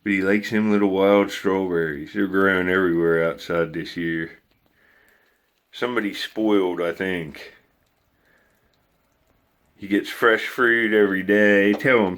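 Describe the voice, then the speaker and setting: A man's voice: deep voice, steady tone, a little slow, pauses often. A man, vlogging casually and talking baby talk to his pet squirrel. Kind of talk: casual vlog chat.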